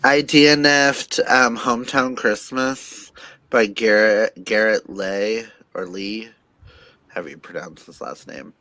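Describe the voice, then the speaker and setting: A man's voice: on the low side, slow, no room sound. A man chatting casually and dramatically about books with friends over a video call. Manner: animated, jokey and dramatic. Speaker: book vlogger. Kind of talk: casual chat.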